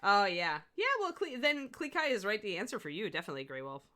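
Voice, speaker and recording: A woman's voice: mid-range voice, sing-song, fast talker, bright, forceful tone. A middle-aged woman giving a live miniature painting demo, chatting and laughing with her viewers as she works. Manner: chatty, rambling, laughs often.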